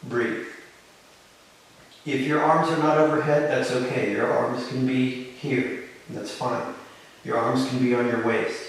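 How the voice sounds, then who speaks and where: Calm male yoga teacher in echoey studio. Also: mid-range voice, measured pace, creaky, pauses often, recorded from a distance. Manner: calm, encouraging step-by-step cues. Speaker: yoga instructor. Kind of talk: live yoga class instruction. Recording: very echoey room, voice from off-mic, faint hiss.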